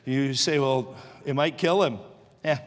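A middle-aged man preaching a sermon as pastor, moving from joking chat to loud fervent preaching. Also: medium pitch, unhurried, long reverb tail.

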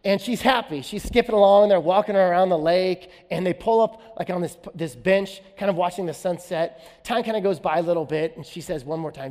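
A man's voice: high voice, fairly quick, hardly any pauses, a little mellow. A man, a pastor, preaching a sermon in a church, telling a story and then leading an earnest prayer. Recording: church hall reverb, faint music.

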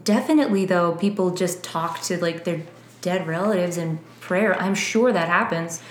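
A woman's voice: on the low side, normal speed. A young woman hosting a podcast, chatty and casual, laughing often. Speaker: podcast host. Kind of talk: casual chat. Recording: roomy echo, faint room noise.

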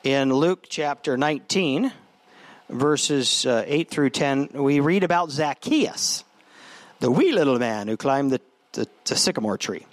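A man's voice: medium pitch, expressive, measured pace, dry recording. A man preaching a sermon in a conversational way, often restarting his phrases. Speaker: pastor.

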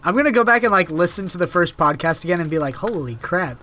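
A man's voice: sits high, animated, racing, sharp tone, soft background music. A young man co-hosting a podcast in casual chat, teasing and laughing often. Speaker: podcast co-host.

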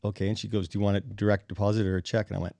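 A middle-aged man, a bassist and podcast guest, telling animated stories, acting out quotes and chuckling as he goes. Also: racing, gravelly, no room sound. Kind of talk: anecdotal storytelling in conversation.

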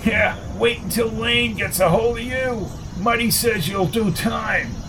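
A man's voice: high-pitched, measured pace, recorded from a distance, noisy background, pitched above the performer's own voice. A man voicing a pushy small-town male busybody who needles everyone, in a whiny manner. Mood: taunting.

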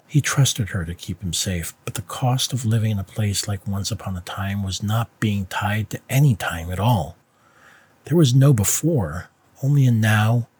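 A man narrating a story in a calm, measured reading style. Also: fairly low pitch, breathy edge. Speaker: audiobook narrator. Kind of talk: scripted narration.

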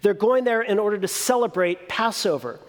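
A man preaching a sermon as a pastor, teaching through rhetorical questions and emphatic pauses. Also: high voice, lively intonation, in a large hall.

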